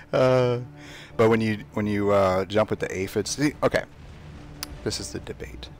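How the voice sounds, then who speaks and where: Young male game streamer, low gravelly voice, chatty running commentary. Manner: chatty, talks to himself while playing, trash-talks opponents. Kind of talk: casual live gameplay commentary.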